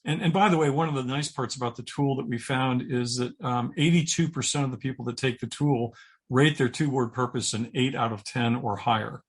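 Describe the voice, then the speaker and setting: Middle-aged male guest, husky tone, earnest and halting, reflective interview talk. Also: medium pitch. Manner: earnest, halting, repeats words while thinking. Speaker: guest, purpose coach and speaker. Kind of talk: interview conversation.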